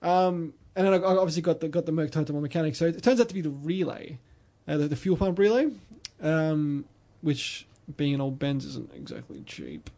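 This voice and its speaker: A man's voice: a little high, brisk, warm tone. An Australian man hosting a podcast, telling long rambling stories in casual chat with lots of restarts. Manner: rambling storyteller with many restarts. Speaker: podcast host.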